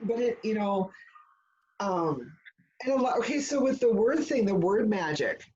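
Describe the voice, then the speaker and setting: A woman in casual spiritual chat, leading the discussion and telling stories in a rambling, animated way, full of fillers and restarts. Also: mid-range voice, unhurried, lo-fi sound, a little hiss or hum. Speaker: discussion leader.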